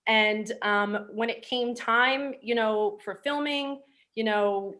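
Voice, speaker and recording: A woman film director answering interview questions in a brisk, matter-of-fact way. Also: on the high side, pushed and bright. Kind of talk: casual interview storytelling.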